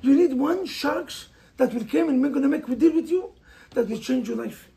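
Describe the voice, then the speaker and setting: A man's voice: extremely high pitch, lively intonation, moderate pace, creaky, dark tone. A man with an Israeli accent, a native Hebrew speaker, giving an emphatic motivational sermon as a rabbi and pressing listeners with rhetorical questions.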